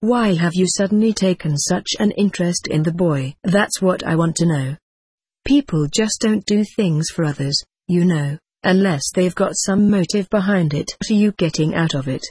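A reader voicing a grasping, resentful working-class father who grumbles and sounds suspicious, with a husky voice. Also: mid-range voice, moderate pace, darkish tone, no room sound, natural voice.

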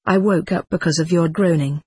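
A woman's voice: on the low side, a little fast, darkish tone, breathy edge, no room sound, studio quality. A woman reading the lines of an anxious husband in a memoir, asking urgent, pleading questions. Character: worried husband, adult man, anxious.

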